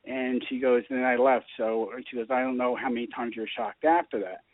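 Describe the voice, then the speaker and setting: A man telling his story in a casual radio chat, animated and acting out the dialogue. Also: medium pitch, fairly quick, no room sound. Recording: tinny phone line.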